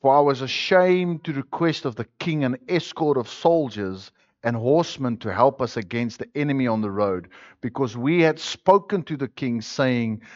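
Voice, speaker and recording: A man's voice: medium pitch, moderate pace, dry recording. Man preaching a sermon on a dull, dry recording. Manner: emphatic preaching that swings from loud declarations to quiet, intimate passages. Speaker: pastor. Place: church.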